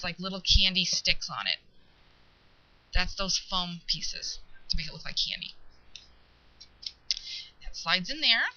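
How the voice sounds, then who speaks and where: A woman chatting casually through a craft show-and-tell, relaxed and pausing mid-sentence to find her words. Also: medium pitch. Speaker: craft video maker. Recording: dull lo-fi home video audio.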